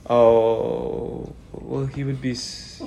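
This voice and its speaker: A man running a tabletop game among friends, his voice mid-pitched and easygoing. He narrates and makes quick rulings in loose, casual talk. Faint noise sits behind him. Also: level tone, creaky, dark tone. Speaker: game master.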